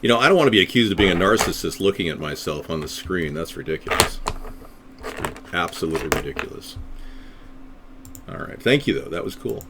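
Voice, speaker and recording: A man hosts a casual live stream, rambling in an easygoing, chatty way. His voice sits fairly low, and there is a faint hiss of noise behind him. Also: expressive, fairly quick. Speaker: third-party presidential candidate hosting a live stream.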